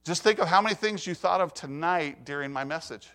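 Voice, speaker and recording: A man's voice: a little high, fairly quick, sharp tone. An older man preaching a sermon, telling stories in a conversational way, asking the audience questions and acting out what others say. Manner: storytelling, acts out quoted voices.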